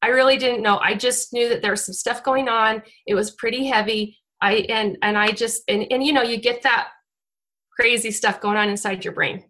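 A woman's voice: fairly high pitch, fairly even intonation, moderate pace, a bit bright. A woman, around her forties, giving a heartfelt devotional talk to her congregation, close to tears and often restarting her sentences. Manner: heartfelt and emotional, with frequent restarts. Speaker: church speaker.

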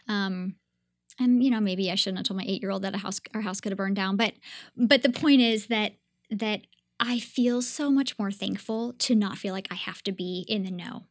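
A woman in her thirties hosting a devotional podcast, speaking earnestly and gently as she invites listeners to reflect. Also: medium pitch, no room sound, clean studio sound. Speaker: podcast host.

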